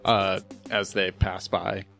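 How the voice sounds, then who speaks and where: A man taking part in a tabletop game as a player. His voice sits low, and he talks in an easygoing, unhurried way about what his character does. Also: flat delivery, gravelly, pushed and bright, soft background music. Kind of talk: casual tabletop play.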